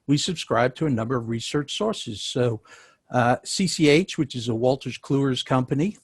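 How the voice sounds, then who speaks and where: A man's voice: mid-range voice, animated, normal speed, husky, no room sound. New York-accented man explaining sales tax. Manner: conversational, lots of fillers and restarts. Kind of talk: interview answers.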